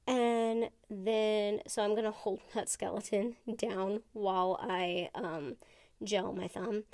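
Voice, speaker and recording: A woman's voice: medium pitch, fairly even intonation, slow, a little mellow, dry recording. A woman narrating a casual how-to vlog in a chatty, rambling way, full of asides. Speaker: nail tutorial vlogger.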